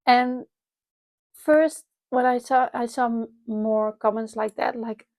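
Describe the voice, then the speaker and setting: Here the Dutch vlogger from the Netherlands speaks slowly, her fairly high voice level in tone and a little mellow. Her unscripted personal vlog rambles candidly and self-reflectively, full of restarts and laughter. A wireless lapel mic captures it with no echo.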